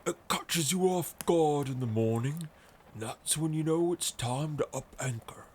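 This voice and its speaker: A man doing a husky, scrawny bearded sailor. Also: a little high, measured pace, a little mellow, slight background noise, voice pushed up, lightly acted. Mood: wistful.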